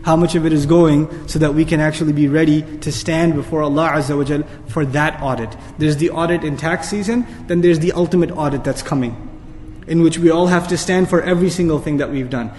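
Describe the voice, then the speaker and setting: A man's voice: fairly high pitch, steady tone, fairly quick, a little mellow, in a large hall. A man giving an urgent religious lecture, pressing the audience with rhetorical questions and reciting Arabic verses. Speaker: Islamic speaker. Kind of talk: lecture sermon.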